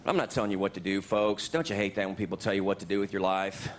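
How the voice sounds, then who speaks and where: A middle-aged man doing a stand-up comedy set, often jumping into high, silly shouted voices for his bits. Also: steady tone, fast. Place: theater stage with laughing audience. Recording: live show with crowd laughter and noise.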